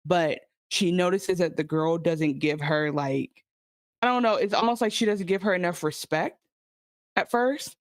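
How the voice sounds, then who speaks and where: A woman's voice: lowish voice, a little slow, no echo. Chatty woman in a dry room. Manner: chatty, thinks aloud, many fillers. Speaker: podcast co-host. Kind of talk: casual TV recap chat.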